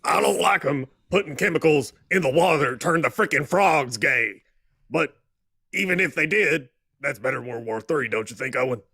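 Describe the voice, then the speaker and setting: Gravelly shouting man on a rant. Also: on the high side, expressive, no echo, studio quality. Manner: shouting, fast, emphatic. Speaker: talk show host. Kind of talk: ranting broadcast monologue.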